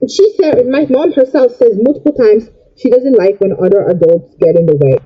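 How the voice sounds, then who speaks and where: A woman's voice: fairly high pitch, animated, normal speed, highs cut off. A young woman venting in an upset, rambling way while she does her makeup for a vlog. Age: young adult. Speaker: vlogger. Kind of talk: get-ready-with-me rant while doing makeup.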